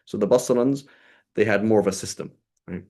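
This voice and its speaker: A man's voice: lowish voice, moderate pace, dark tone. A man teaching Arabic grammar to a small group over a video call, explaining step by step and checking in with a frequent "right?".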